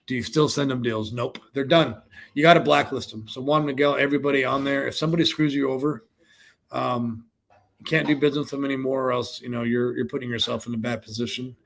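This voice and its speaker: A man's voice: medium pitch, fairly even intonation, quick pace, creaky, a bit bright. A man co-hosting a livestream, coaching viewers casually on sales calls and answering their questions in a conversational way. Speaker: co-host of a real estate sales livestream.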